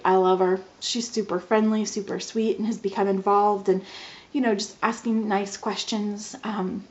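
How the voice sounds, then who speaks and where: Giggly woman vlogger, lo-fi audio. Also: medium pitch. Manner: animated, giggly retelling with quoted dialogue. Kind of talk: casual storytelling vlog. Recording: slightly dull lo-fi audio.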